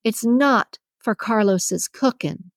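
A woman's voice: on the high side, slow, no room sound, studio quality, voice pushed up. A woman putting on a brash, sassy young waitress. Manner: sassy, teasing, sarcastic.

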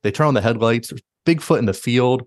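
Male podcast host, quick and animated storyteller, lowish voice, dry close sound. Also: no room sound. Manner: animated retelling, heavy use of "like". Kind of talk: casual storytelling chat.

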